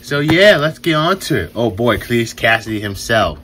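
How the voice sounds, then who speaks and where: A young man hosting a casual toy review vlog, excited, stumbling over his words and laughing often, recorded on a new phone camera. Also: mid-range voice, normal speed, a little hiss or hum. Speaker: toy reviewer and channel host.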